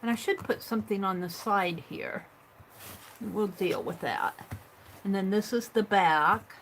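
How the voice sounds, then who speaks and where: A woman's voice: medium pitch, unhurried, a little hiss or hum, poor audio. A woman hosting a live craft stream, thinking aloud as she works, trailing off and murmuring under her breath. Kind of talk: live craft stream, talking while working.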